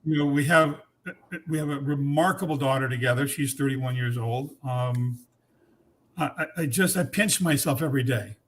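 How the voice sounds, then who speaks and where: A man in his sixties, a podcast guest, telling a personal story frankly and earnestly, with blunt language and halting restarts. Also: medium pitch.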